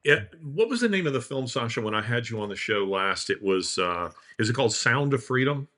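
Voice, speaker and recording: Bright-toned Southern American man. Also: mid-range voice, big pitch swings, a little fast. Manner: warm proud father, rambling with fillers. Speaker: podcast co-host. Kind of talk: casual chat on a video call.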